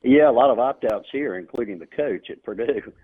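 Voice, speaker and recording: A man calling in as a guest on a radio sports show, giving measured picks with hesitant fillers over the phone. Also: medium pitch, breathy edge. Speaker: guest on call-in. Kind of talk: casual radio chat. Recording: tinny phone line.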